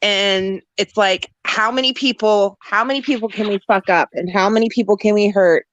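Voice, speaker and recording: A woman's voice: medium pitch, moderate pace, a bit bright, dry recording, poor audio. A woman appearing as a guest on a livestream, venting angrily and swearing often. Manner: angry, profane venting. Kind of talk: upset livestream chat.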